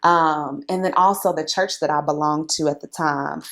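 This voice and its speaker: Chatty woman with a gravelly edge. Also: low voice, moderate pace. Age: late 30s. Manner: animated, laughs often, many fillers. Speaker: guest. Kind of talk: casual conversational storytelling.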